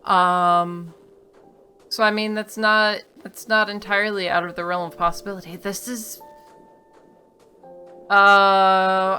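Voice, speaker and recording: A woman's voice: mid-range voice, fairly even intonation, unhurried, bright, forceful tone, clear, resonant tone, faint music behind. A woman giving casual, wry commentary on a game she is playing, reading the dialogue aloud and joking about it. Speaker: let's play streamer.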